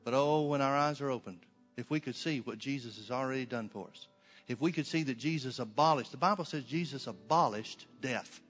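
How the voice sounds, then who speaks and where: A man's voice: medium pitch, a little fast, a bit bright, big-room sound, soft background music. A man preaching a sermon in an emphatic, rhythmic cadence, leading a congregation.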